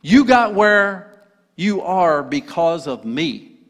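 A preacher voicing a spiteful, accusing male creature who stands for the old nature, speaking slowly and with scorn. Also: sits high, lively intonation, a bit bright, faint music behind, pitched above the performer's own voice, heavily acted. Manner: slow, accusing, sneering. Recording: echoey hall.

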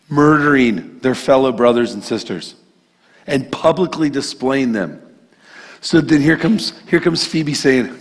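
A man delivers a sermon in a conversational, emphatic style, slipping into casual asides. His voice sits at an ordinary male pitch. It rings out with a long hall reverb from the church around him. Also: expressive, a little slow, slightly rough. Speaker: pastor. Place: church sanctuary.

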